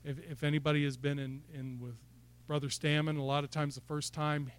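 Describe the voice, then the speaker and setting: A man's voice: a little high, flat delivery, brisk, clean tone. A man preaching a sermon in church, building to fired-up exhortation and asking the congregation questions. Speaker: pastor.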